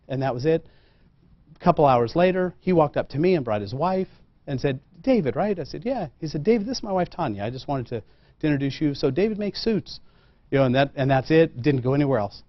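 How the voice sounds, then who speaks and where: A man, a tailor, tells a lively personal story to a room, acting out the dialogue and poking fun at himself. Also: mid-range voice. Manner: animated anecdotal, acts out quoted dialogue, self-deprecating. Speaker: custom tailor and guest speaker. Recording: muffled dull sound.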